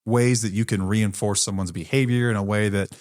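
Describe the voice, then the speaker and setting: A man's voice: on the low side, fairly even intonation, a little fast, darkish tone, no echo, studio quality. A man co-hosting a podcast who talks in a candid, blunt, conversational way with some mild swearing. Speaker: podcast co-host.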